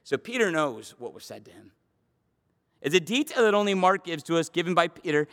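High-voiced fervent preacher in a reverberant hall. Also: male voice, very animated, a little fast, a bit bright. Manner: fervent, emphatic, repeats phrases for stress. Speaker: pastor teaching a Bible study. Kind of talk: expository sermon.

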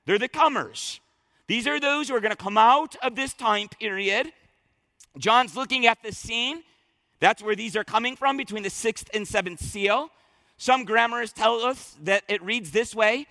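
A male pastor preaching with a high, bright, ringing voice and an emphatic, fervent delivery that doubles words as he launches each phrase. The voice sits close and dry, with a long reverb tail like a large hall. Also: expressive, normal speed. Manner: emphatic, repeats words when starting phrases. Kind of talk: sermon.

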